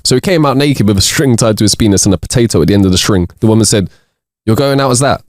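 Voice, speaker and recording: A man's voice: lowish voice, lively intonation, very fast, darkish tone, dry recording, clean studio sound. A man co-hosting a podcast, reading jokes aloud in casual chat and laughing between them. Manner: reads jokes with bursts of laughter. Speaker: podcast co-host.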